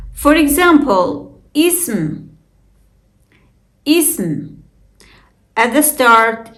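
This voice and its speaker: A woman teaching Arabic pronunciation, explaining rules carefully and reading out examples. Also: fairly high pitch. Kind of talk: slow scripted lesson narration.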